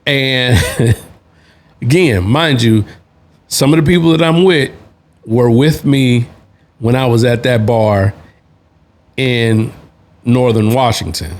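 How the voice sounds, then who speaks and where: A man's voice: mid-range voice, takes it slowly, pauses often. A man hosting a show, telling a story in a casual, rambling way, full of restarts and slang. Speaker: podcast host, Navy veteran.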